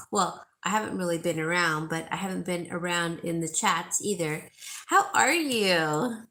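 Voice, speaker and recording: Hosting a live sale stream, a woman chats casually and reads out viewer comments, rambling with fillers and false starts. Her fairly low voice is pushed and bright, a little slow, and she gushes, repeating herself for emphasis.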